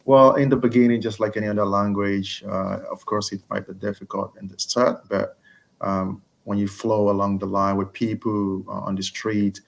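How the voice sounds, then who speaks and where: Man, low voice, interview guest, halting, lots of fillers, video call. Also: level tone, gravelly. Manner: halting, many fillers and restarts. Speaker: interview guest, engineering student. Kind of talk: casual interview.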